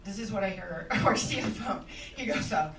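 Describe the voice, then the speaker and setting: A woman's voice: medium pitch, animated, quick pace, fairly bright tone, slight background noise. A middle-aged woman performing a stand-up set on a comedy club stage, wry and conversational, often laughing as she talks. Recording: roomy club sound from a distance. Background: audience laughter.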